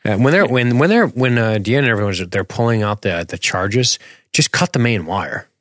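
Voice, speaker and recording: Low-voiced man in relaxed banter. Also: normal speed, dry recording, clean studio sound. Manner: relaxed, profane, joking. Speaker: podcast co-host. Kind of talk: casual rewatch chat.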